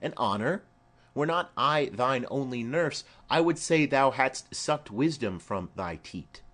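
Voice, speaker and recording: A man's voice: medium pitch, lively intonation, a little slow, fairly bright tone, voice pushed up. A man reading the part of a fond, chattering elderly nurse in an audiobook of a play, rambling through long stories. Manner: rambling, digressive storytelling.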